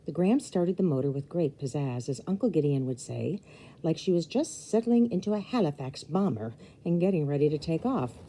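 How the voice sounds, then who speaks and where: A woman reading a children's novel aloud chapter by chapter, expressive and speaking directly to young listeners. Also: deep voice, fairly quick, rough recording. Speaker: storybook reader.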